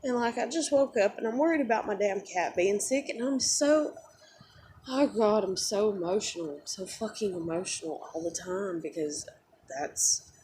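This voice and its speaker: A woman's voice: mid-range voice, moderate pace, warm tone, slight background noise. A young woman who just woke up, tired and close to tears, rambling in an upset, swearing vlog rant full of fillers. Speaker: vlogger.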